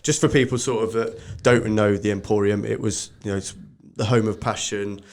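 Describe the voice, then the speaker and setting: A man hosting a radio show who chats casually with his guest and keeps up a stream of quick agreement. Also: on the low side, steady tone, a little mellow. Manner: chatty, quick back-channelling. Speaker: radio host. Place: radio studio.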